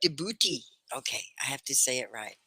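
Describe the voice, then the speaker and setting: A woman hosting a live online English class, greeting students warmly and praising them. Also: sits low, expressive, dry recording. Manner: effusive, praising and welcoming; talks slowly at points for learners. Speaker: English teacher hosting a livestream.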